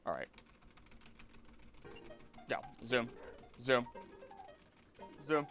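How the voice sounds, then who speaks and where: A young man casually commenting on his gameplay while he streams, chatty and animated, with sudden loud outbursts. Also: mid-range voice, very slow, vocal fry, faint music behind. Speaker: streamer playing a video game.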